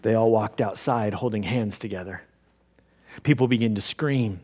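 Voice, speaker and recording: Male preacher, dramatic first-person storytelling, big shifts between hushed and loud. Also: on the low side, moderate pace. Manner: theatrical, swings from hushed to loud. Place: church sanctuary.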